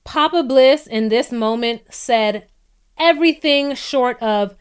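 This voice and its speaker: Speaking slowly in a clear, resonant tone, a young woman gives an animated, chatty recap of a reality show. She laughs frequently and jumps to higher-pitched voices for her reactions.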